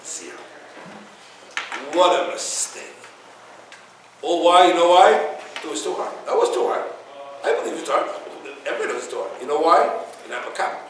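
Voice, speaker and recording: A man teaching a Torah class, his voice pitched high and lively as he tells stories and acts out the people in them. He sounds far from the microphone in a strongly echoing room. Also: moderate pace, long pauses, slight background noise. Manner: animated storyteller, acts out dialogue, Yiddish and Hebrew words. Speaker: rabbi giving a Torah class. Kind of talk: informal Torah lecture with stories and humor. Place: room with listeners.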